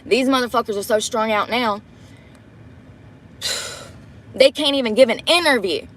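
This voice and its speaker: A woman's voice: on the high side, a little slow, a bit bright. A profane woman venting in a truck. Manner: profane, blunt and exasperated. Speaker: vlogger livestreaming a get-ready-with-me. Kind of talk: casual storytelling while doing makeup. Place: inside a parked truck.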